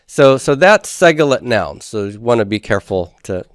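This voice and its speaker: A man's voice: medium pitch, sing-song, moderate pace, no echo, studio quality. A man teaching a lecture, explaining step by step and asking and answering his own questions. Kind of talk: classroom lecture.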